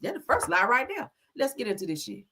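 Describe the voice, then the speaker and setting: Woman host, husky, bright tone, animated, profane, laughs a lot. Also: fairly high pitch, fast. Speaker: commentary channel host. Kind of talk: casual talk-show commentary.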